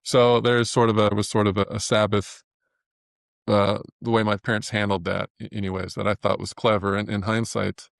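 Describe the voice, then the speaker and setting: A man's voice: fairly low pitch, little pitch movement, normal speed, gravelly, no room sound, clean studio sound. A man speaking as an interview guest, telling his story earnestly with many restarts and repeated words. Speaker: guest, animator. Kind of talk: reflective interview talk.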